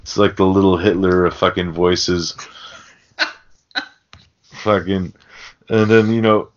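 A podcast host walks through a movie's plot in loose, profane conversation packed with digressions. He speaks in a deep, steady voice, slowly and with long pauses, and the audio is dull and lo-fi.

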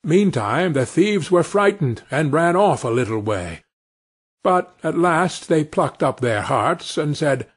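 A man reading a fairy tale aloud for English learners, very slowly and with plenty of expression. His voice is slightly husky and fairly high, and his pitch rises and falls a lot. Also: lively intonation. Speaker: storyteller. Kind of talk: storybook narration for English learners.

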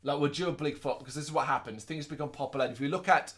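A man with a voice a little higher than most men's co-hosts a casual film review podcast. He recaps scenes in an animated way and slips into brief put-on voices for quick jokes. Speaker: podcast co-host. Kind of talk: casual movie review chat.

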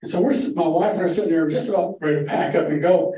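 A man's voice: a little high, racing, warm tone. An older man giving a casual, rambling slide-show talk to a photography club in a library meeting room, with folksy stories. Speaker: guest photography presenter. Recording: echoey room from far off with faint hiss.

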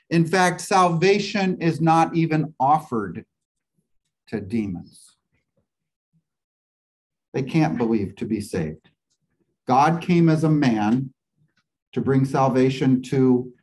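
A man with a mid-range, darkish voice teaches a church Bible class on a low-quality recording. He goes through Greek grammar step by step, asking the class questions and waiting for answers.

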